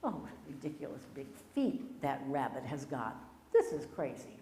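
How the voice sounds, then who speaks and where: A grumpy, self-centered coyote grumbles and brushes others off, as a woman storyteller plays him. The voice is lively in pitch, and long reverb fills an echoey hall. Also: normal speed, a little hiss or hum, full character voice. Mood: grumbling. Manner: grumbling, dismissive.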